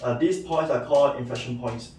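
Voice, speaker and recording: A man's voice: medium pitch, brisk, a little mellow, a little hiss or hum. A man giving a recorded math lecture, explaining step by step and checking in with "right?" and "okay". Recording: echoey room, mic at a distance.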